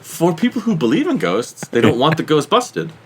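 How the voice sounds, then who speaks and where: A man's voice: fairly high pitch, very animated, moderate pace, noisy background. A man co-hosting a casual podcast, rambling with lots of fillers. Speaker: podcast co-host. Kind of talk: casual chat.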